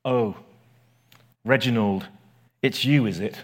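A man's voice: medium pitch, slow pace, natural voice. A man voicing the bitter, possessive ghost of a mother who speaks in a snappish, demanding way. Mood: curt.

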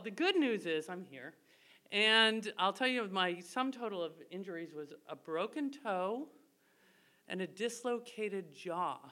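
Before a live stage audience, a woman from an Irish family tells a funny personal story, laughing as she goes. Her voice is mid-range and fairly bright, her delivery chatty and self-mocking.

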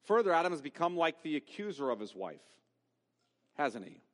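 A man's voice: fairly high pitch, sing-song, moderate pace, big-room sound. A man preaching a sermon as pastor, emphatic and given to rhetorical questions. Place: church sanctuary.

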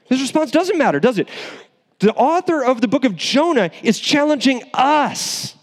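A man preaching a sermon in an animated, conversational way, with asides and restarts. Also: very high voice, normal speed, big-room sound. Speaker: pastor.

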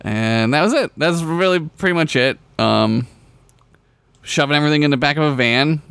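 Gravelly, dry-voiced sardonic podcaster man. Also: a little high, moderate pace, fairly bright tone, dry recording. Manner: sardonic, profane storyteller. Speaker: podcast co-host. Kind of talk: casual chat.

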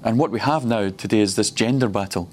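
A man's voice: on the low side, brisk, a little mellow, a little hiss or hum. A man preaching at a ministry school, personal and reflective, often laughing between points.

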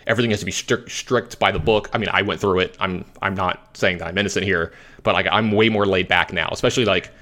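A man casually telling a long story as a podcast host, animated and rambling, with lots of fillers. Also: low voice, fast talker. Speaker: competitive card game player.

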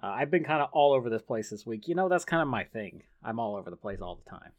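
A man's voice: medium pitch, lively intonation, quick pace. A man hosting a video game podcast in casual chat, rambling and joking with his co-hosts and laughing often. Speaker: podcast host.

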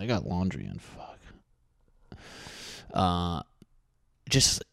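A man in his thirties talks alone into his podcast mic from his apartment. He rambles from one thought to the next, swears freely and makes fun of himself. His voice sits low and sounds dry and close, with no room echo. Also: lively intonation, measured pace. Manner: rambling, profane, self-mocking. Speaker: podcast host. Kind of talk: rambling solo podcast monologue.

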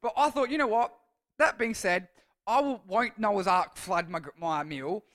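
A man with an Australian accent delivers a casual sermon as a long personal story. His voice sits high for a man and rings bright and forceful. He rambles and restarts his sentences as he talks. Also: moderate pace. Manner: rambling, self-correcting storyteller. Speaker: youth speaker.

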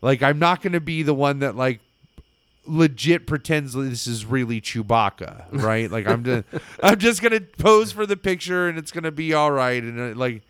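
Casual-chat male storyteller, excitable and rambling, smooth dry sound. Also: medium pitch, moderate pace, no echo.

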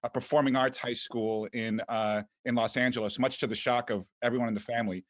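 A man's voice: medium pitch, steady tone, a little fast, no room sound. Wry middle-aged male writer. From Washington, D.C. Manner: wry, self-deprecating humor. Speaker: guest, entertainment writer. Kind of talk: casual interview chat.

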